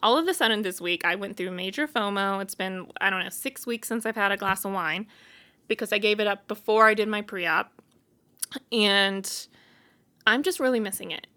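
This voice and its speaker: A woman's voice: medium pitch, sharp tone. A woman hosting her own show, talking casually and bluntly, candid and exasperated as she vents. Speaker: podcast host. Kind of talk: casual solo venting.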